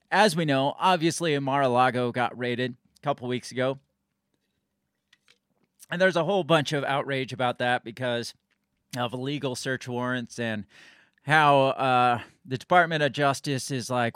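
A man's voice: medium pitch, fairly bright tone, no echo, studio quality. A man hosting casual political commentary, sarcastic and rambling, often restarting his sentences and reading news excerpts aloud.

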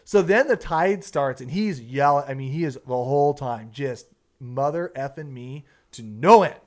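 A young man who works as a fishing guide, telling a story in casual podcast talk, animated and swearing freely. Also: medium pitch, normal speed. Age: young adult. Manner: animated, swears often, acts out quotes.

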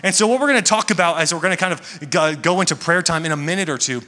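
A man's voice: on the high side, fast talker, pushed and bright. A young man preaching to a church congregation, talking casually and joking. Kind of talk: sermon. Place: large church hall. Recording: echoey hall with long reverb.

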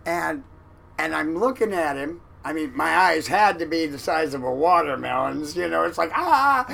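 A man tells his old sea stories in a bright, forceful voice, pitched a little high for a man. He gets animated, acting out the lines of others. A faint hiss of noise sits under the recording. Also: normal speed, vocal fry, low-quality recording. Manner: animated, acts out quoted lines loudly. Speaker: guest, former fishing boat cook. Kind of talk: storytelling in a conversational interview.

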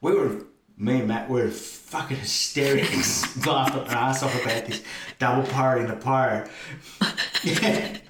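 A man's voice: mid-range voice, unhurried. A man telling a story in casual chat, laughing often and acting out the voices of the people in it. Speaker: fellow wrestler telling a story. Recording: echoey room with faint noise.

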